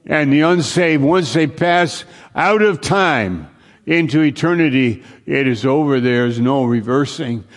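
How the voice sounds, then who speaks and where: Unhurried male preacher, middle pitch, earnest sermon, goes quiet and low on the serious parts. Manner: slow, earnest preaching with long pauses, sinking to a hushed low voice; repeats phrases for emphasis, with occasional restarts.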